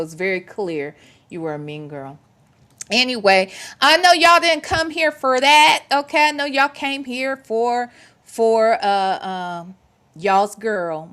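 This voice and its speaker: A woman's voice: lowish voice, a bit bright, clean tone. Sassy woman w/ hosting a stream, slangy, repeats herself for fun. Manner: sassy, emphatic, slangy talk with playful repetition. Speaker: show host. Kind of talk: casual commentary livestream.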